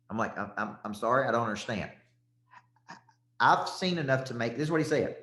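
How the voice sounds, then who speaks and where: Punchy Southern sales coach, echoey room. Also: male voice, mid-range voice, animated, unhurried, pauses often. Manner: punchy, repetitive, calling out listeners by name. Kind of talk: motivational talk to an audience.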